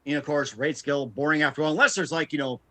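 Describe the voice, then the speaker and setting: Bright-voiced man telling radio stories. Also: a little high, fairly even intonation, racing. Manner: storytelling, laughs often. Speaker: radio talk show guest. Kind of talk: casual chat.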